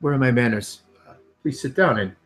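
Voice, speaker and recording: A man plays a wise older ranger in a tabletop game. The figure speaks in a measured, formal manner. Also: medium pitch, husky, pitched above the performer's own voice, close to an everyday voice.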